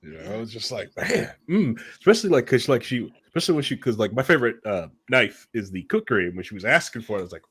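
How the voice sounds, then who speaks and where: A man with a husky voice chats with huge swings in pitch, joking and playful. It is recorded close and dry. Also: very animated, quick pace, few pauses, fairly bright tone, dry recording. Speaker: podcast co-host. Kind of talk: casual chat.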